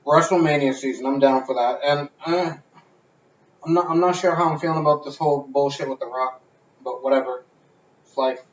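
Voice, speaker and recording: A man's voice: mid-range voice, steady tone, brisk. A man hosting a casual podcast from a garage, talking in a loose, rambling way with plenty of swearing. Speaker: podcast host. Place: home garage. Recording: roomy, distant, dull garage sound.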